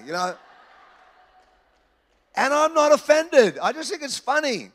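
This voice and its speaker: An Australian pastor preaching with a higher-than-usual voice for a man. His delivery is lively and conversational, with humorous asides. His voice carries a long echo from a large hall. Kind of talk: sermon. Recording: reverberant church hall.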